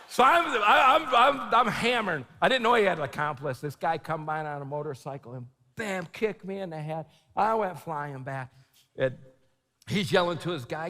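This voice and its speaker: A middle-aged man giving a storytelling sermon at a conference, animated and shouting at the peaks. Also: high voice, moderate pace. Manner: animated, shouting at the peaks, laughing, quoting himself. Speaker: conference speaker. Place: large conference hall. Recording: long hall reverb.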